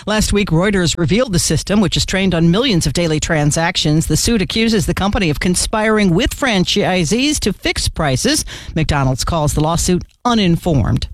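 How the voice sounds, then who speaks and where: A woman network news reporter reads a scripted report in a crisp, formal delivery. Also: fairly low pitch, animated, normal speed, no echo.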